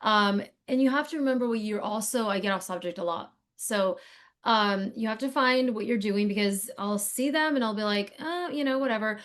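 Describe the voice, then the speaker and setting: A woman's voice: mid-range voice, normal speed, fairly bright tone. A woman guest on an interview podcast, a casting director, talking in a chatty, digressive way with lots of fillers. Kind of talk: casual interview conversation.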